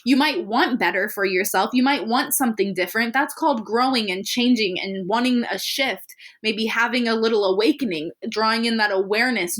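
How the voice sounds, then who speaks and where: A woman's voice: on the high side, normal speed, few pauses, a bit bright. A young adult woman hosting a self-care podcast, talking earnestly and candidly in an encouraging way. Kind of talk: reflective solo podcast talk.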